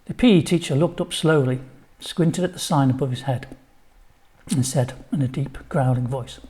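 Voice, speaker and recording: A man's voice: fairly high pitch, normal speed, darkish tone. An older man reading his own children's story, chatty, with asides to the listener.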